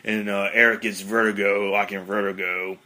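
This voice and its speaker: A man hosts a casual podcast monologue and rambles with plenty of fillers. His voice sits a little low. His tone is bright and forceful. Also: little pitch movement, normal speed. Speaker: podcast host.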